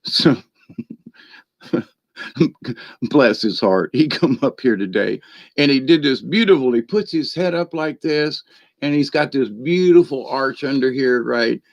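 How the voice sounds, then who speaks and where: A man's voice: mid-range voice, slow, long pauses, no room sound. A man hosting a spiritual channel, telling a meandering story at home by his computer, chuckling often and filling gaps with "you know.". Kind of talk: rambling casual storytelling monologue. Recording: dry, slightly dull lo-fi sound.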